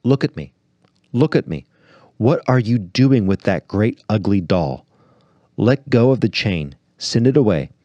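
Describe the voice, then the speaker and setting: A man reading aloud and voicing a joyful heavenly lady who speaks slowly and tenderly. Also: lowish voice, expressive, mellow, dry recording, muffled recording. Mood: serene joy. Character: radiant joyful heavenly lady, gentle and serene.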